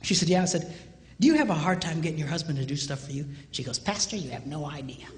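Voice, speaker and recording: A man's voice: on the high side, fast talker, long reverb tail. A man preaching, a pastor telling a humorous story and acting out the dialogue. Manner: animated, acts out quoted dialogue, jokey.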